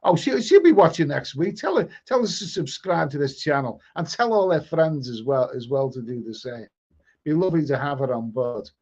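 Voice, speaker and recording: Middle-aged Scouse host, somewhat high voice, stumbling, repetitive chat, muffled lo-fi stream sound. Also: male voice, lively intonation, moderate pace, a little mellow. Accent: Liverpool. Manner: stammering, repeats words, chatty. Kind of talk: casual chat reading viewer comments. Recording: dull lo-fi stream audio.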